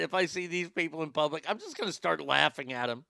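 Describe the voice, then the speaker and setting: A crude, mocking man ranting through his commentary, stumbling over repeated words as he goes. His voice is high and bright with a gravelly rasp, and it sounds smooth and dry. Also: animated, quick pace, few pauses, no echo. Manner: crude, mocking, stammering restarts. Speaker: commentary podcast host.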